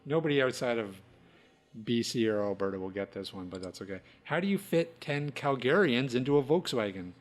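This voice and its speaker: Easygoing man, mid pitch. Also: expressive, brisk. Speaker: podcast co-host. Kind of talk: casual joke-telling chat.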